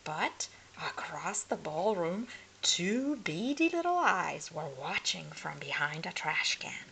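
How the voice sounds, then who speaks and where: A woman reading a humorous picture book aloud as a storyteller, slow and expressive. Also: lowish voice, creaky, slight background noise, rough recording.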